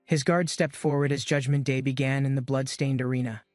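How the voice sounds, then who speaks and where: A man's voice: mid-range voice, steady tone, brisk, a little mellow, dry recording, studio quality, soft background music. A man giving scripted, dramatic narration of a comic-book recap.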